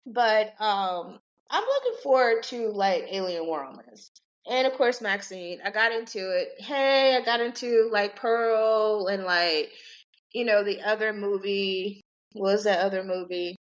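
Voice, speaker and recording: A woman's voice: medium pitch, expressive, measured pace, lo-fi sound. A woman in her forties hosting a podcast, ranting in a chatty, rambling, profane way. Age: 40s. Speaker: podcast host. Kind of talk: casual ranting podcast talk.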